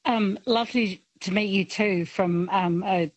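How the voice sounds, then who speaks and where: A woman's voice: mid-range voice, a little slow, dry recording, dull audio. A woman in her late fifties from South Australia calling in to a radio show, hesitant and self-deprecating, with nervous giggles. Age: 50s. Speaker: radio caller. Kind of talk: casual phone-in chat.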